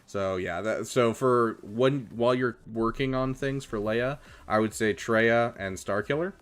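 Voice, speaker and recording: A young man casually chatting on a live stream, giving relaxed advice with lots of ums and uhs. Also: mid-range voice, a little slow. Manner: relaxed, chatty, many fillers, gives advice. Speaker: streamer reviewing viewers' game rosters.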